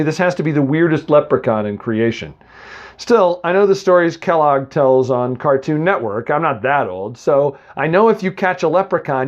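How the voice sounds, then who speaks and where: A man's voice: a little high, dull audio. A man from the Boston area reading a comic first-person story, rambling and chatty with lots of asides to the listener.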